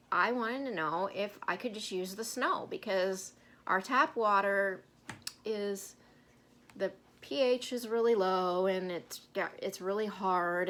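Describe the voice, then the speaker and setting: A woman's voice: medium pitch, a bit bright. A woman co-hosting a casual Bible-study chat, telling stories in a rambling way with many fillers. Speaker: co-host.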